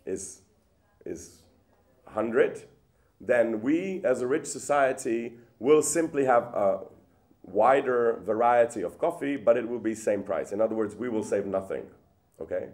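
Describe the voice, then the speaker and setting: A man giving a public lecture in a hall, with lively rhetorical questions and frequent restarts. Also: medium pitch, unhurried.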